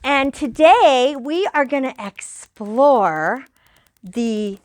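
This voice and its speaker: A woman's voice: high-pitched, expressive, drawn-out words. An older woman, a grandmother, leading a children's yoga lesson with a cheerful, playful coaching voice. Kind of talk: guided kids' yoga lesson.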